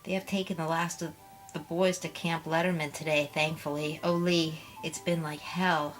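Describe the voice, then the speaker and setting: A woman's voice: low voice, level tone, normal speed, faint music behind, natural voice. A woman voicing a weary young mother, speaking earnestly.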